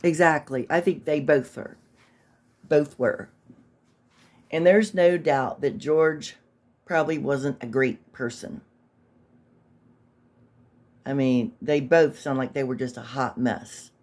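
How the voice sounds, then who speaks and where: A woman's voice: extremely low pitch, slow, pauses often, darkish tone. Sarcastic woman commentary host. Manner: sarcastic, judgmental. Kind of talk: casual commentary.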